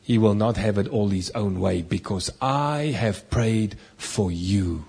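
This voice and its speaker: A male pastor preaching a sermon, emphatic, swinging between loud declarations and hushed, low lines. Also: takes it slowly, vocal fry, husky.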